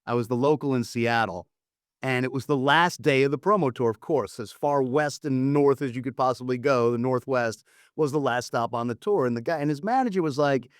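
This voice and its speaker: A man telling a story in a casual podcast chat, animated and acting out the people he quotes. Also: brisk, dry recording, clean studio sound. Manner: animated, acts out quotes with big pitch jumps. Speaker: former record promotion man, guest storyteller.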